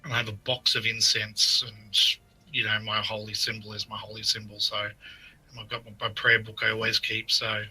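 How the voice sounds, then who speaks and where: A man's voice: lowish voice, flat delivery, fairly quick, bright, forceful tone, husky, poor audio. A man playing a tabletop game, earnestly describing his character's actions step by step. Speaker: player. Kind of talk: casual tabletop game chat.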